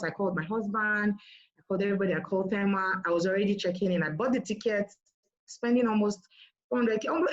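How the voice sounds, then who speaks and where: A woman in the middle of her pitch range tells her story with energy, jumping up to act out other people's words. The recording sounds dull and lo-fi. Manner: animated, quotes others in raised voice. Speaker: marketing director sharing her business story. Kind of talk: storytelling talk.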